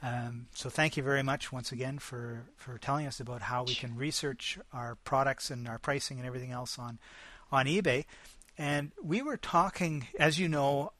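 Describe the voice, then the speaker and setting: A man's voice: medium pitch, fairly even intonation, moderate pace, sharp tone. A man co-hosting a casual podcast, upbeat and friendly, asking his partner questions. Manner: friendly, upbeat interviewer with fillers. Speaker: podcast co-host.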